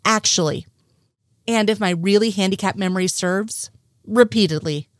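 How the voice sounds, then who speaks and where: A woman's voice: mid-range voice, normal speed, no echo, studio quality, lightly acted. A woman reading the lines of an exasperated male FBI agent in her own voice.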